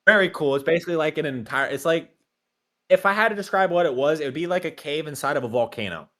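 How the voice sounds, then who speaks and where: A man co-hosting a casual recap show, talking animatedly and acting out character lines. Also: fast talker. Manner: animated, acts out character lines in a high shouting voice. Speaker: podcast co-host.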